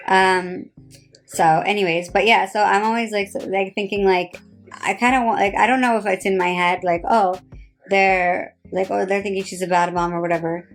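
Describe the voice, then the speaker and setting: A woman's voice: medium pitch, fairly even intonation, normal speed, soft background music. A tired woman in her thirties with a New Jersey accent, chatting casually on a phone live stream, rambling with lots of "like" fillers and a sarcastic edge. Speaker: reality TV personality on a live stream.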